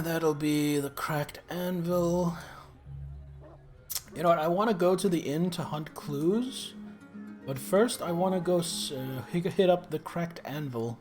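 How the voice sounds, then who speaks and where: A man's voice: fairly high pitch, darkish tone. A man streaming a game and chatting candidly in casual commentary, now and then swearing.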